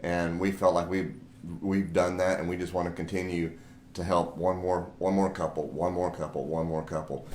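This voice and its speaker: Deep-voiced earnest man. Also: flat delivery, moderate pace, darkish tone. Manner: earnest, thankful, repeats phrases. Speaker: co-host of marriage ministry videos. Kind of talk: casual chat. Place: home studio room. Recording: roomy echo, faint hiss.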